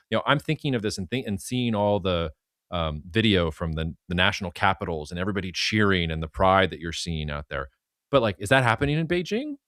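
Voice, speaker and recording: A man's voice: lowish voice, a bit bright, no room sound, clean studio sound. A man co-hosting a podcast, speaking earnestly in casual chat, often restarting his sentences. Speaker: podcast co-host.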